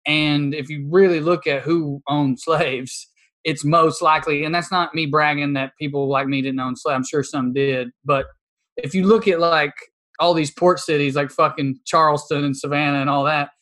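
A man's voice: fairly high pitch, fairly even intonation, normal speed, fairly bright tone. A man with an Appalachian accent, talking in a fired-up, profane, emphatic way in casual podcast chat. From Appalachia, East Tennessee. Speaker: comedian guest.

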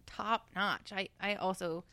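Woman hosting her own podcast, smooth clear voice, dry teasing humor, no room sound. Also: medium pitch, fairly even intonation, measured pace, pushed and bright, no echo. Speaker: podcast host. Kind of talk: casual chat.

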